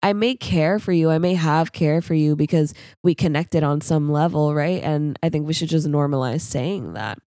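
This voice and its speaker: A woman's voice: low voice, normal speed, hardly any pauses, mellow, no room sound, clean studio sound. A young woman hosting a solo podcast, rambling casually and laughing at herself. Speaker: podcast host.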